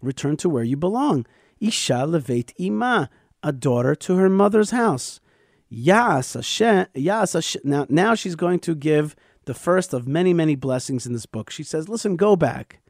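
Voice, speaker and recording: A man's voice: on the high side, expressive, moderate pace, a little mellow, no room sound, clean studio sound. Emphatic man teaching scripture. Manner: emphatic, explanatory, with frequent stammered restarts. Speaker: radio show host.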